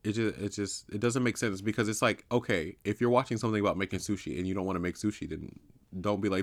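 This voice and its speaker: A man's voice: on the low side, fairly even intonation, fast. A young man co-hosting a podcast in casual chat, rambling and sometimes losing his point. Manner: rambling, loses his train of thought. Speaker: podcast co-host.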